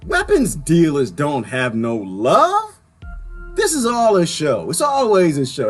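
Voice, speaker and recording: A man delivers a sarcastic political rant on his own, his voice sitting a little high and bouncing all over the place. He keeps breaking into shrill, mocking impressions to make his point. Faint music plays quietly behind him. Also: huge pitch swings, a little fast. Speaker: political commentator. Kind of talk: ranting solo commentary.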